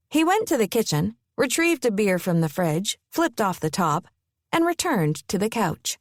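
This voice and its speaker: A woman narrating a romance audiobook in an expressive, measured reading. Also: mid-range voice, dry recording, clean studio sound. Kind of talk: scripted narration.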